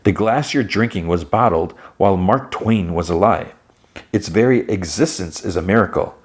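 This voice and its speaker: A man's voice: low-pitched, normal speed. A man voicing a poised, wealthy woman who is a killer and a wine snob, with a dry, knowing manner. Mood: haughty.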